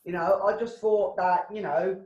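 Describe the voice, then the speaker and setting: Brief: woman MC, rambling sweary rants, middle pitch, roomy home video-call sound. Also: steady tone, normal speed, a little mellow, lo-fi sound. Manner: sweary, ranting, laughs at own jokes. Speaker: comedy show MC. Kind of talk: casual rambling stand-up hosting.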